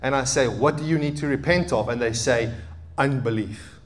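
A man in his thirties preaching a sermon as a pastor, animated, swinging between loud emphatic peaks and quiet asides. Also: medium pitch, moderate pace, a little hiss or hum. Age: 30s.

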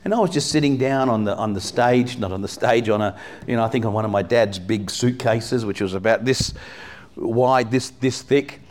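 An English pastor speaks at medium pitch and a normal speed, preaching a sermon to his church congregation. He keeps it casual, saying "you know" a lot and putting questions to the people in front of him.

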